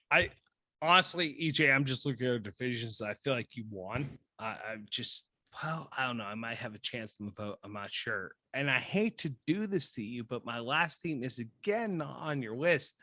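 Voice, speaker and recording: Male podcast co-host, bright and punchy, excitable, swears and laughs, dry close sound. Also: mid-range voice, moderate pace, no room sound. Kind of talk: casual chat. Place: recorded drinking whiskey with co-host.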